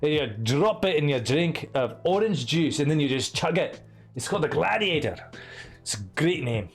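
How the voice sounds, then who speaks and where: A man chatting through a game in a jokey put-on Scottish accent, swearing freely. His voice sits a little high for a man, with faint game music playing behind him. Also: animated, moderate pace. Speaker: streamer. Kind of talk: casual gameplay commentary.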